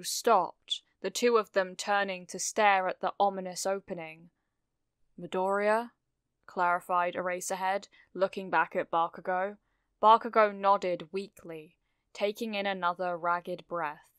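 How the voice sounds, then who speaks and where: A woman reading fan fiction aloud, narrating a story with steady, expressive delivery. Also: medium pitch, clear, resonant tone, no echo, clean studio sound.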